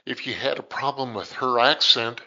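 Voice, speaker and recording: A man co-hosting a podcast, talking through a classic film in a slow, halting way and restarting his words. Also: medium pitch, sharp tone, muffled recording. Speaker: podcast co-host. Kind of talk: casual film discussion.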